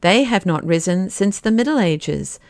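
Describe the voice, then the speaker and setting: Woman reading a commanding young gentleman. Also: medium pitch, expressive, moderate pace, no echo, studio quality, close to an everyday voice. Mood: urgent. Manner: urgent, commanding. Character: resolute young English gentleman leading the fight.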